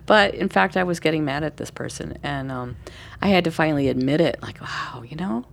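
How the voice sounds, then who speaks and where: A woman coach calmly explaining her practice in a thoughtful, unhurried conversational way. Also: sits low, creaky. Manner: gentle, thoughtful, unhurried with frequent fillers. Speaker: forgiveness coach and workshop leader.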